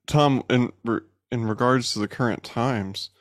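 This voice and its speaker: A man's voice: mid-range voice, measured pace, no room sound, clean studio sound. A man joining the talk to share his own experience with clients, speaking casually. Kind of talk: casual chat.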